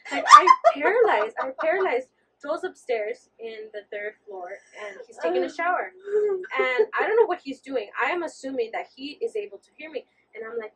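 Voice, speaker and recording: A young woman co-hosting a podcast, telling a story in an animated, laughing way and slipping into Spanish. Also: sits high, normal speed, recorded from a distance, a little hiss or hum, rough recording. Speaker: podcast co-host. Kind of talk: casual storytelling chat.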